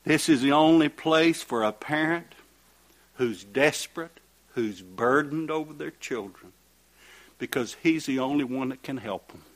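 A man preaching a sermon, reading scripture aloud and asking rhetorical questions, rising to loud emphatic peaks and dropping to quiet asides. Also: on the high side, a little slow. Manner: reads scripture aloud in King James wording.

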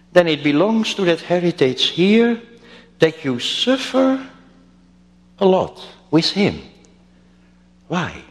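Male pastor, fairly high voice, slow and emphatic sermon delivery, reverberant church hall. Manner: slow, emphatic preaching with wide swings in pitch.

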